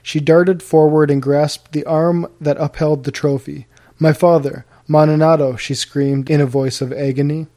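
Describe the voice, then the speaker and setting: Male narrator, audiobook reading, mellow and slightly high. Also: moderate pace, few pauses. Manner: steady, formal storytelling. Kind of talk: audiobook reading of a historical novel.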